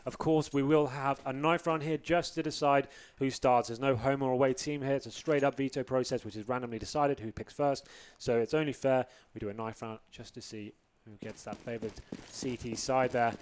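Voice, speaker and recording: A man's voice: mid-range voice, steady tone, fairly quick, few pauses, clear, resonant tone. Playful male esports host. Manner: playful, builds hype with announcer flourishes. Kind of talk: live esports commentary and desk chat.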